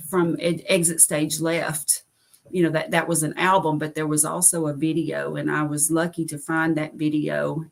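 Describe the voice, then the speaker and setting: Middle-aged Southern woman host, deep voice with some fry, easygoing and rambling. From United States. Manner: rambling, many fillers, laughs at herself. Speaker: live stream host. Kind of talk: casual chat on a live stream.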